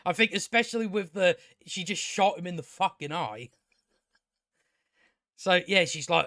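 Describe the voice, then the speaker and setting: A man's voice: high voice, lively intonation, a little slow, pauses often, bright, forceful tone, no echo, clean studio sound. A man giving a casual spoken TV review, ranting sarcastically with lots of swearing and filler words. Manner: sarcastic, sweary, rambling rant with many fillers. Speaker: TV show reviewer.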